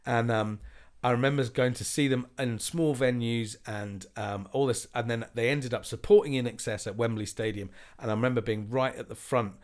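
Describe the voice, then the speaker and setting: A man in his forties telling a story in casual chat, animated and swearing, acting out other people's lines. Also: medium pitch, normal speed, few pauses.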